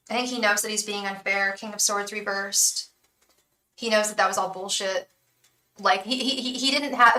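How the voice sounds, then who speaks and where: A woman's voice: mid-range voice, pushed and bright, far from the mic. A woman giving a live tarot reading, earnest and blunt, sometimes swearing and murmuring invocations to spirit guides. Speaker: tarot reader and psychic. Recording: echoey room, voice off-mic.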